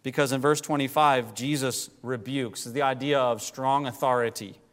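A man preaching a sermon, rising to impassioned pleas and dropping to quiet, low emphasis. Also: fairly even intonation, normal speed. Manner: rises to impassioned pleading, then drops low. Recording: long hall reverb.

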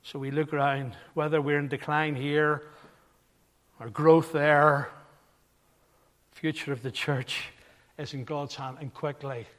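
Older male preacher, high voice, chatty stories building to emphatic appeals, echoing hall. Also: level tone, takes it slowly, pauses often, a bit bright. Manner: conversational storytelling, then rising to emphatic. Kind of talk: sermon. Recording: long hall reverb.

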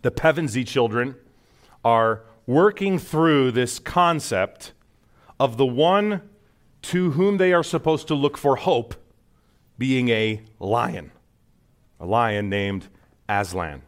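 A man's voice: medium pitch, expressive, takes it slowly, pauses often. A man preaching a sermon in an earnest teaching manner, rising sharply on emphatic points. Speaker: pastor.

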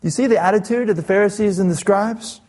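A male pastor preaching an expository sermon, reading scripture aloud and slowing down to stress key phrases. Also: sits high, a little mellow.

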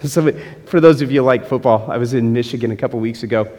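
A man's voice: medium pitch, fast, darkish tone. A male pastor preaching a sermon, teasing and joking with his congregation between points. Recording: long hall reverb.

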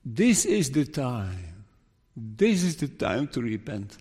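A man preaching a sermon, telling a Bible story in an earnest, measured way and pleading with his listeners. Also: medium pitch, sing-song, a little mellow, husky. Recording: long reverb of a large hall.

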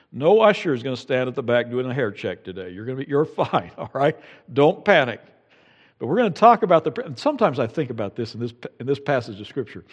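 A male pastor preaches in a lively, storytelling way, his voice sitting a little high and swinging widely in pitch. He drops in chatty asides to the congregation. The sound carries a long church-hall reverb. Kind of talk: sermon.

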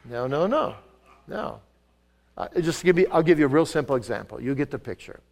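Older guy preaching, pitch jumps all over, slightly high voice, loud then soft. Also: expressive, brisk, creaky. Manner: emphatic, swings between loud stresses and soft asides. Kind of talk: sermon. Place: church sanctuary.

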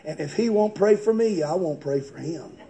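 A man's voice: on the high side, lively intonation, normal speed, gravelly, mellow, pitched below the performer's own voice. A man preaching, voicing a stubborn, resentful father muttering grudges.

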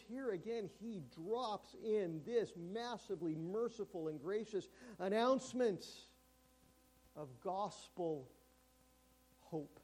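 A man with a notably high voice delivers a sermon in a church. He is emphatic and often slows down and drops to a near hush to stress key words. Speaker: pastor.

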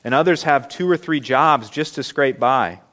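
A man delivers a sermon in an earnest, emphatic preaching voice at a middle pitch. He leans into key words and slows right down on them. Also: fairly bright tone. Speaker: pastor.

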